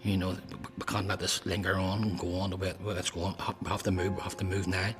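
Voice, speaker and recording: A man, a former prisoner, recalling events bluntly in halting speech that goes soft at emotional moments. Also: low voice, little pitch movement. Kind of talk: recollection in interview. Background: clear music.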